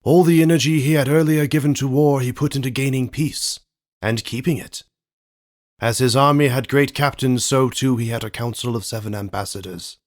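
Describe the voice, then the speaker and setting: A man's voice: medium pitch, steady tone, voice pushed up, natural voice. A man playing a solemn, grieving father rabbit. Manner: earnest, halting, voice breaking with emotion.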